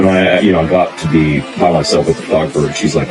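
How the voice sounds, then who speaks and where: A man with a very deep voice rants straight to camera, blunt and intense, with swearing peppered through every sentence. Loud music plays under the clip. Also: fairly even intonation, fast, poor audio. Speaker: dating content creator. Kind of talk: ranting to camera.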